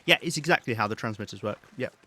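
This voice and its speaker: A man giving live gameplay commentary, rambling and thinking aloud with hesitant pauses. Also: mid-range voice, animated, bright, forceful tone. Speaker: game streamer.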